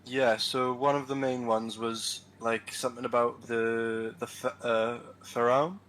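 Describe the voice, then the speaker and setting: A man telling his story over an online call, halting and full of fillers and restarts. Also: medium pitch, flat delivery, a bit bright, poor audio. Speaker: caller, convert recounting his experience.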